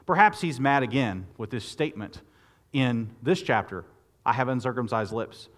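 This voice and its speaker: A man preaching a sermon, lively and expressive, often repeating words and restarting phrases as he talks. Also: moderate pace. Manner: expressive preaching, rising loud and high when quoting Moses. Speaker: pastor.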